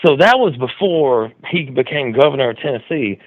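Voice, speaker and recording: A man's voice: medium pitch, lively intonation, moderate pace, no room sound, phone-quality sound. A man hosting a call-in show, telling a story loosely, with lots of restarts and "dude". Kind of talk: casual rambling commentary. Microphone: studio mic with mixer.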